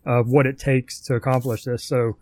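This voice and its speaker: A man's voice: mid-range voice, little pitch movement, normal speed, a little mellow. A man in casual chat, hesitantly sharing his take on a film, thinking aloud with frequent "you know"s. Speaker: podcast co-host.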